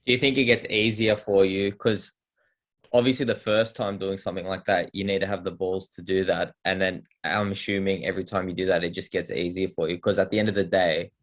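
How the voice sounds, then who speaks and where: Deep-voiced easygoing podcast host. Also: male voice, flat delivery, a little fast. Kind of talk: casual conversational interview.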